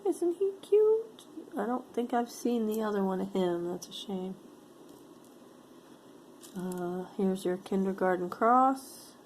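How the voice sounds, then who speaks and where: A woman's voice: medium pitch, darkish tone, slight background noise. A woman chatting casually to her camera as she sorts through jewelry, musing aloud and easily delighted by each piece. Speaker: vlogger sorting jewelry for sale. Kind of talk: casual show-and-tell chat.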